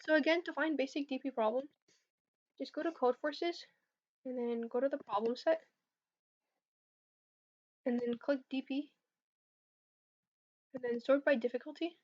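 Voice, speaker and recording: Young woman, high voice, casual livestream coding Q&A, hesitant and filler-heavy, slightly dull lo-fi audio. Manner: hesitant, filler-heavy, answers chat questions. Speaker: competitive programming streamer.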